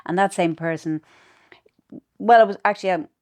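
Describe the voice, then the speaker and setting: A middle-aged actor, a guest in a casual chat, frank and animated as she tells stories, swearing now and then. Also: on the low side, moderate pace.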